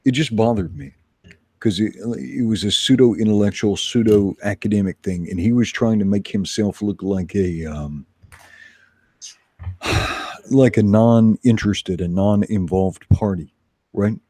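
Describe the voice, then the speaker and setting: Low husky man chatting casually. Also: a little slow, darkish tone, no echo, clean studio sound. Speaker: host. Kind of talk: casual livestream chat.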